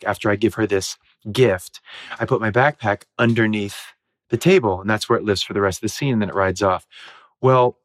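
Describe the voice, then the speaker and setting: A man's voice: fairly low pitch, no room sound. Laughing man telling backstage stories. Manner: animated, laughs often while telling stories. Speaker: guest actor. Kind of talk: casual interview storytelling.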